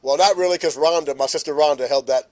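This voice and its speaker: Laughing man with a high voice. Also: fast, darkish tone. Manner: laughs often, talks to commenters by name. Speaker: host of a morning live stream. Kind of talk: casual live-stream chat with viewers.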